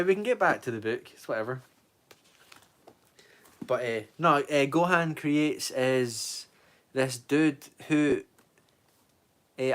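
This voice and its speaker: A young Scottish man talks loosely on a livestream, answering his chat with a rambling, easygoing flow. His voice sits at an ordinary middle pitch for a man. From Scotland. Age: 20s. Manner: rambling, reads out viewer comments and answers them. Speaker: streamer.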